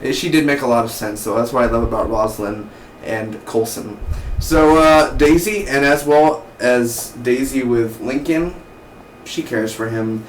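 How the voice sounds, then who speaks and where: Excitable man reviewing TV, roomy sound. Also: mid-range voice, measured pace, a little hiss or hum. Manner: excitable, slangy, breaks into mock voices. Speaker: TV show reviewer. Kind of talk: casual episode review. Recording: roomy, distant mic, faint ambience.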